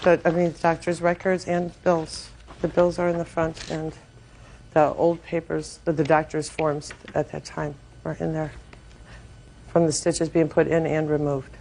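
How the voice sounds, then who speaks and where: A woman testifying as plaintiff in a TV courtroom, hesitant, with pauses and restarts. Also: deep voice, flat delivery, gravelly, warm tone, a little hiss or hum.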